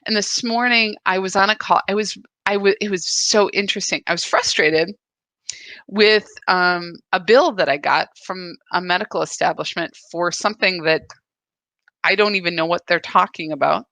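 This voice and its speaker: A woman leads a live spiritual practice, speaking in an earnest, confessional, searching manner. Her voice sits fairly low and has a sharp tone, at a normal speed with no echo.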